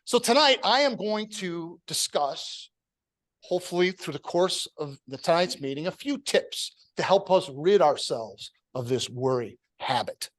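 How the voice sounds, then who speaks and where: A man hosting a public-speaking club meeting, giving an earnest, measured prepared talk before introducing the next speaker. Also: a little high, lively intonation, a bit bright. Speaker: meeting host.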